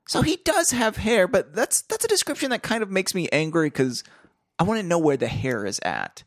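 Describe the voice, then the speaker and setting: A playful co-host in a casual book discussion, laughing often and slipping into silly voices. The voice sits in a middle register but swoops wildly in pitch. It is recorded close and dry. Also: very animated, moderate pace, no room sound. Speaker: podcast co-host.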